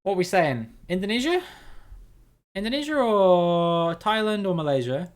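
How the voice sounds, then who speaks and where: A man's voice: high voice, very animated, a little slow. A male streamer runs a live geography guessing game for his viewers. He thinks aloud in a chatty, easygoing way and greets people in the chat by name as he goes.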